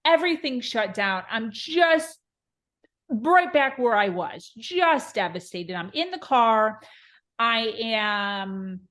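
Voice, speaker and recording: A woman's voice: a little high, a bit bright. A woman in her thirties telling a candid, emotional story about her own life as a podcast guest. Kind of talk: personal story in an interview.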